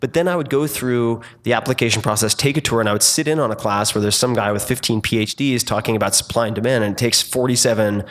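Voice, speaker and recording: A man as the guest of an onstage fireside chat before a live audience, telling animated stories full of asides and restarts. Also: medium pitch, fast, hardly any pauses.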